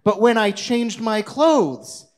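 Herschel, a calm, pointed humble man, told by a man. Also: high voice, takes it slowly.

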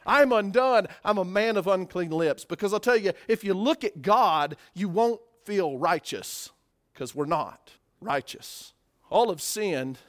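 High-voiced preaching man. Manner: animated preaching, acts out everyday voices, rhetorical questions. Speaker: pastor. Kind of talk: sermon.

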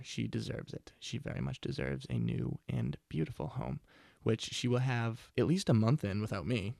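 A man in his twenties, acting as podcast host, rambles through a laid-back, chatty and profane monologue on a close studio mic. His medium-pitched voice has vocal fry and a slightly mellow quality, with no room sound.

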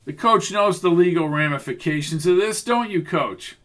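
Man playing a smug evasive professor, raised pitch, audiobook suspect. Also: lively intonation, moderate pace, a bit bright. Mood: defiant.

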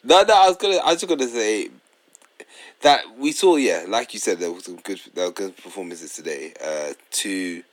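A man co-hosts a casual football podcast. He is laid-back and teasing, drops slang often, and speaks in a slightly low voice. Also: expressive, normal speed. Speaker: podcast co-host.

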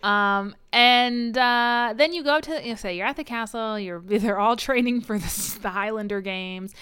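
A woman's voice: on the high side, a little slow, a bit bright, clean tone, no room sound. A woman co-hosting a podcast, recapping a book plot in chatty, laughing, irreverent casual talk. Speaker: podcast co-host. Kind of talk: casual book-discussion chat.

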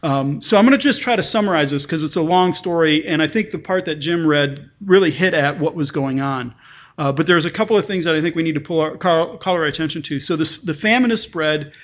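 A man's voice: fairly high pitch, brisk, a bit bright. A male pastor preaching a sermon in a conversational way, often restarting and repeating words, and reading scripture passages aloud with lifted emphasis.

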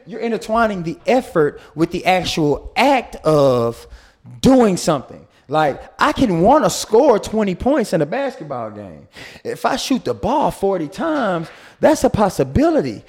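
A man's voice: high voice, big pitch swings, a little slow. A man in a casual group debate, lecturing with examples and insisting that the others hear him out. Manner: insistent, keeps cutting in to be heard.

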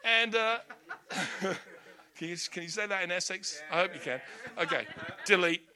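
A male preacher giving a lively storytelling sermon with humorous asides. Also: high voice, a little slow. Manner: animated, storytelling, laughing asides.

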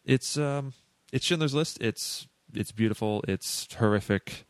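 A man from the Boston area hosting a podcast in casual, halting chat full of fillers. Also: mid-range voice, dry recording. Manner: chatty, halting, lots of fillers. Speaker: podcast host.

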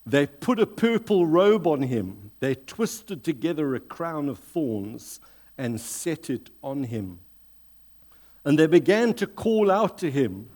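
A male pastor reads scripture and preaches at an unhurried pace. His delivery is deliberate and dramatic, with measured pauses, and his voice sits at an ordinary middle pitch. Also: a little mellow. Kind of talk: sermon with scripture reading.

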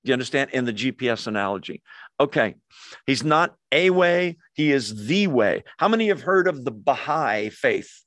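A man's voice: medium pitch, fairly bright tone, dry recording. A man preaching a sermon in a conversational way, often putting questions to his listeners. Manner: conversational, asks the audience questions. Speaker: pastor.

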